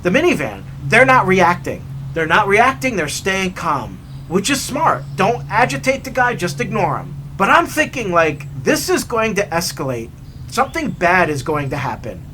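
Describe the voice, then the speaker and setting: A man telling a story in a chatty, animated way while hiking outdoors, recorded on a camera mic. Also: sits high, moderate pace, slight background noise. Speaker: hiking vlogger. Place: outdoors on a trail.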